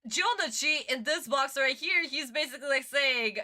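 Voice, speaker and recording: A woman streamer giving casual livestream reaction commentary in an animated, exclamatory way, swearing freely. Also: high voice, moderate pace, few pauses.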